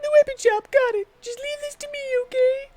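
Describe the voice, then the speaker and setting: A woman voicing an eager, meddling young woman in a game, in a high, squeaky, pushy put-on voice. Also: fairly quick, warm tone, soft background music, poor audio.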